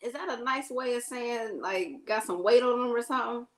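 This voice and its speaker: A woman's voice: a little high, a little fast. A woman co-hosting a casual live talk show, playful and blunt, with a slangy way of talking and frequent laughter. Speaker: co-host. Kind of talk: casual chat.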